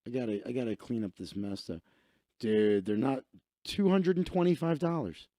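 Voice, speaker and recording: A man's voice: medium pitch, moderate pace, dark tone, dry recording, studio quality. A man hosting a live stream, rambling and ranting to himself while he browses, swearing freely. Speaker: livestream host.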